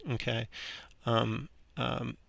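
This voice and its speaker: A man teaching an English grammar lesson in a relaxed, halting way, with frequent ums and restarts. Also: mid-range voice, vocal fry, no room sound, dull audio.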